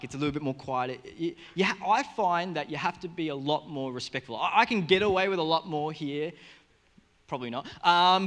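Australian male pastor, slightly higher voice, animated joking sermon delivery. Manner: joking, animated storytelling with sudden loud and soft swings. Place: church service in front of a congregation.

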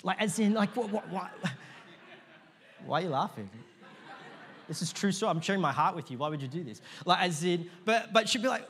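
A pastor in his thirties preaching a sermon to a congregation, chatty and animated with lots of "like" fillers and sudden loud bursts. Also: fairly high pitch, moderate pace. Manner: conversational, many "like, as in" fillers, bursts of shouting. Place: church auditorium before a live congregation.

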